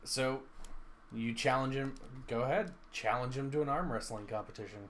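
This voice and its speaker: A man's voice: mid-range voice, normal speed, a little hiss or hum. A man narrating as game master in a tabletop game, talking casually and rambling, often breaking into laughter.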